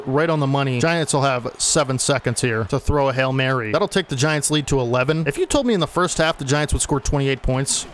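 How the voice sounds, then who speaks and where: A man's voice: a little high, slight background noise. A young man calling his own video game football plays in casual play-by-play commentary, growing agitated and exasperated at bad plays. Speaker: gaming channel host. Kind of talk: play-by-play commentary over gameplay.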